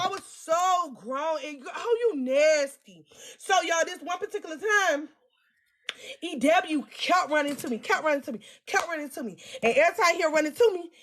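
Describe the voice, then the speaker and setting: A woman with a high voice tells a storytime to her viewers. She is crude and self-mocking. She speaks right to the camera and gets loud when she teases her younger self. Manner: animated, loud bursts when teasing herself. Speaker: vlogger. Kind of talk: storytime vlog.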